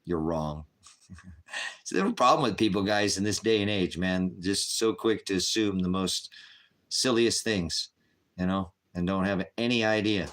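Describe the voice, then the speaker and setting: A man in his fifties runs a live chat as host, speaking a little slowly in a low, fairly bright voice. Combative toward trolls, he keeps firing back at them bluntly with repeated retorts.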